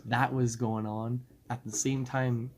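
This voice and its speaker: Animated young man telling stories. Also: mid-range voice, unhurried, noisy background. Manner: animated, laughing, quoting friends in raised voices. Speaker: podcast co-host. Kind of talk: casual storytelling.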